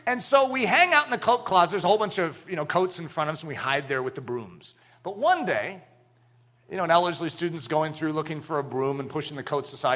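Male preacher, high and bright, lively storyteller swinging loud to hushed. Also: quick pace. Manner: animated storytelling, acting out little scenes. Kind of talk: sermon.

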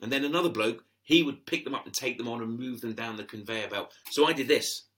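A man, chatting as an interview guest and telling stories, animated and quick to laugh, often acting out the voices of people he quotes. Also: medium pitch. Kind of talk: casual storytelling interview.

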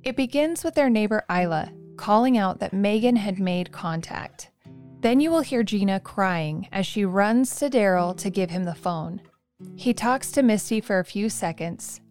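A woman narrating a true crime podcast in a calm, measured scripted read. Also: mid-range voice.

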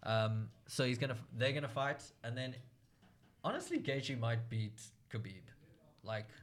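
Young man, casual podcast chat, relaxed and laughing, midrange voice, plenty of "um"s. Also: medium pitch, moderate pace. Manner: relaxed, laughs often, hesitant fillers. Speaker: podcast co-host.

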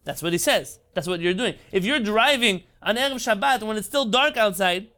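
A man's voice: high voice, lively intonation, moderate pace, bright, forceful tone. A man giving an impassioned Torah lecture, emphatic and rhetorical. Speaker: rabbi.

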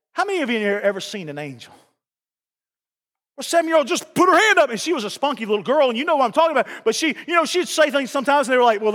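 A male pastor preaching a folksy sermon, repeating lines and building to shouts. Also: very high voice. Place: church sanctuary. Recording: reverberant church hall.

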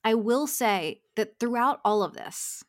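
A woman's voice: on the high side, animated, measured pace. Earnest woman coach, laughing often. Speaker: success coach guest. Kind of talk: conversational podcast interview.

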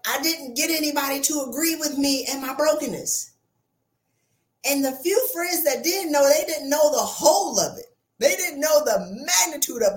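Woman, podcast host, high voice, lively rising and falling pitch, passionate preacherly delivery. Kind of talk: motivational talk.

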